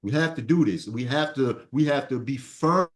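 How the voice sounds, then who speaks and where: A man teaching a Sunday school lesson, preaching in an animated way and repeating phrases for his class to answer. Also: mid-range voice, moderate pace.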